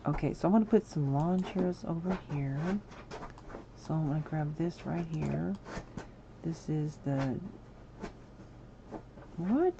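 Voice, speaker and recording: Through audio with background noise and the highs cut off, a woman speaks a little slowly in a low, gravelly voice. She hosts a live game stream, building in a game while chatting casually and apologetically with viewers and breaking into sudden exclamations.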